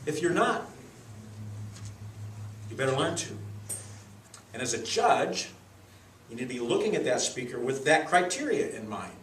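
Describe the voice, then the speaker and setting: A man leading a speech contest judges' training, teaching in a lively, demonstrative way with acted examples in a club meeting room. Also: medium pitch, unhurried, pauses often, slight background noise. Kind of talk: workshop lesson. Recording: echoey room, mic far off.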